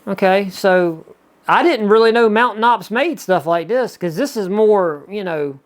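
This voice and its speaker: A man with a Southern US accent hosting a casual unboxing vlog, chatty and excitable, rambling with lots of asides. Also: sits high, a little slow. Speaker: YouTuber reviewing subscription boxes.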